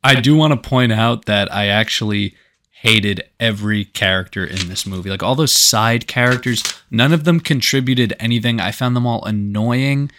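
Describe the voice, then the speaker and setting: A man with a bright, sharp voice co-hosts a casual movie review chat. He talks bluntly and swears freely, and he keeps slipping into silly voices to mock lines from the film. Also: mid-range voice, moderate pace. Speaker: podcast co-host.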